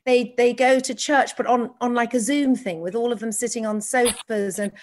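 A middle-aged woman hosting a podcast, chatting casually and telling animated, gushing stories. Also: fairly high pitch, normal speed, slight background noise. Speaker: podcast host. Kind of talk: casual chat.

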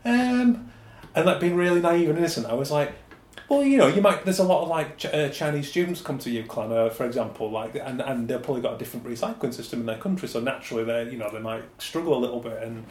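A man hosting a podcast, telling stories lively and acting out the quotes. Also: mid-range voice, quick pace. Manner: animated storyteller, acts out quotes. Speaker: podcast host. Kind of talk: casual chat. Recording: echoey room with faint hiss.

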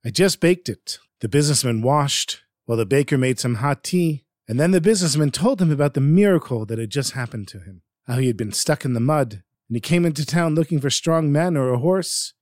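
A man narrating a folktale in an expressive, dramatic storytelling manner. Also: medium pitch, a little fast, dry recording, studio quality.

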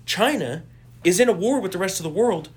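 A man's voice: high voice, expressive, brisk, breathy edge. A man hosting a political podcast in casual chat, blunt and profane, often checking for agreement. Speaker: podcast host.

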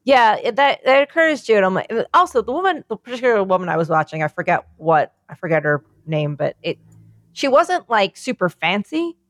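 A woman co-hosting a podcast, talking in loose, excitable rambles and swearing freely. Her voice sits at a middling pitch. The sound is dry and close, with no room echo. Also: brisk. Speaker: podcast co-host. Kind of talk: casual chat.

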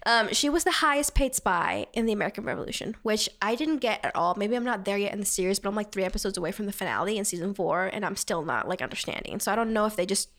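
A woman's voice: medium pitch, expressive, fast talker, few pauses, fairly bright tone. A young woman co-hosting a podcast in casual chat, talking loosely with many fillers and laughs. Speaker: podcast co-host.

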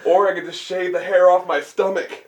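A man's voice: sits high, flat delivery, a little fast. A man co-hosting a podcast who chimes in with jokes and laughs a lot. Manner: giggly interjections, laughing a lot. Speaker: podcast co-host. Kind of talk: casual chat. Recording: distant from the mic.

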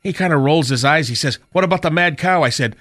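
A man's voice: fairly high pitch, a bit bright, lightly acted. A man playing a corny older male stand-up comic on a radio comedy bit, who rattles off jokes and laughs at his own punchlines. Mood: brash joking. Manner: rapid joke-telling, laughs at own punchlines.

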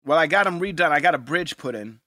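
A man's voice: fairly high pitch, expressive, quick pace, bright, forceful tone, dry recording, studio quality. A middle-aged man co-hosting a podcast, chatting loosely and profanely and laughing often. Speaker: podcast co-host. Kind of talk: casual rewatch chat.

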